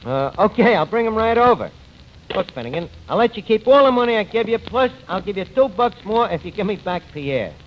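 An actor in a 1940s radio comedy playing a fast-talking, sarcastic male tavern manager with slangy speech, on an old lo-fi recording. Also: high-pitched, sing-song. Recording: dull lo-fi old radio recording, faint hiss.

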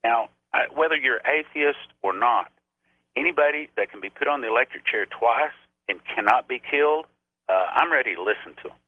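A man's voice: mid-range voice, lively intonation, moderate pace, dry recording. A man preaching on a radio show, telling a story earnestly and raising his voice when he quotes people. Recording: tinny phone-line sound.

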